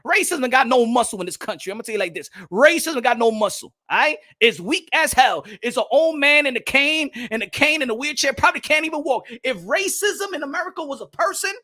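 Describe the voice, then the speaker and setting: A man's voice: extremely high pitch, expressive, fairly quick, hardly any pauses, bright, forceful tone. A man, hosting a boxing show and ranting in a profane, slangy way that keeps repeating itself. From New York. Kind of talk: heated livestream rant.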